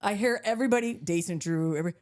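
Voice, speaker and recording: A woman podcast host with a medium-pitched voice talks fast over background noise, telling a story in casual, animated chat. She laughs often, swears freely, and acts out the voices of the other people involved.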